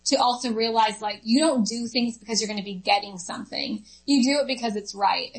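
Chatty woman with a slightly high voice. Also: fairly quick, low-quality recording. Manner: chatty, laughs often, many fillers. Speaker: interview guest. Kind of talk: personal storytelling in conversation.

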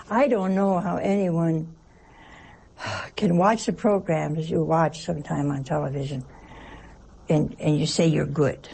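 A woman's voice: low voice, steady tone, a little slow, creaky, pauses often, warm tone, breathy edge. An older woman, a nun, giving a conversational sermon, telling anecdotes and asking rhetorical questions. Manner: chatty, asks rhetorical questions, tells anecdotes. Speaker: nun giving a religious talk.

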